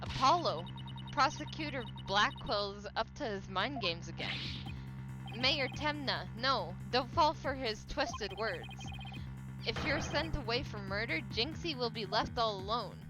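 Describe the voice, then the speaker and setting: A woman's voice: fairly high pitch, animated, a little slow, low-quality recording. A woman voicing an earnest young female defense attorney who urges and pleads in a raised voice over game music. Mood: urgent. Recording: game music playing behind.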